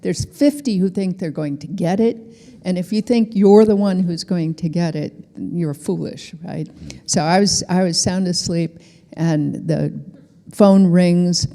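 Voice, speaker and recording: A woman's voice: lowish voice, measured pace, dark tone. A woman in her sixties telling a story on stage as a guest, with dry, wry humor. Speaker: Nobel laureate guest. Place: lecture hall. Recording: long hall reverb.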